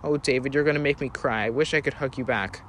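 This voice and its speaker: A man's voice: mid-range voice, quick pace, a little hiss or hum, close to an everyday voice. A man voicing a worried young woman, the older sister, in a read-aloud story, pleading and anxious. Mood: tender.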